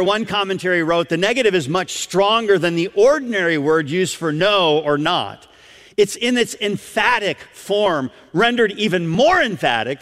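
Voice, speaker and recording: A man preaches with a high, swooping voice that climbs sharply whenever he drives a point home. His emphatic delivery pushes into near-shouts on key words, and a long hall reverb trails behind every phrase. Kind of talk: sermon.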